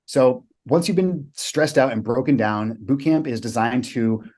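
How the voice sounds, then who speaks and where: His voice is mid-range, a little mellow, and a little slow. An American coach to clients, he's a podcast guest telling stories in a vivid, emphatic style, swearing bluntly.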